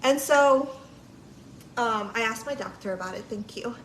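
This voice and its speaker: A woman vlogging live tells a lengthy, chatty story, leaning on "like," quoting others and cursing freely. Her pitch is on the high side and her speed normal; the room is echoey with faint background noise.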